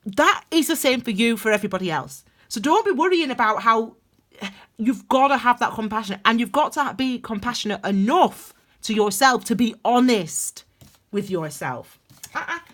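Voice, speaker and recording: A woman's voice: a little high, animated, moderate pace, a bit bright. A woman giving a casual spoken tarot reading to camera, talking emphatically and rambling with many restarts. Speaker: tarot reader.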